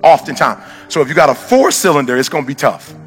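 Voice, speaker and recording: A man giving a live motivational speech to an audience in a room, preaching with rhetorical questions and swinging from shouts to hushed storytelling. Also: fairly high pitch, big pitch swings, fast talker, big-room sound, faint music behind. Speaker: motivational speaker.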